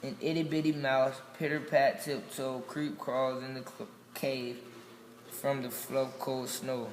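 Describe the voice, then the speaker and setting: A man reading a children's picture book aloud, slow and gentle. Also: mid-range voice, flat delivery, a little hiss or hum. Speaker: storybook reader. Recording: echoey room with long reverb.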